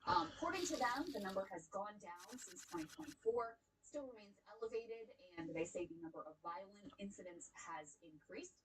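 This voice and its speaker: A woman hosting a news show, introducing a segment and a guest in a brisk, professional way. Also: medium pitch, expressive, background noise.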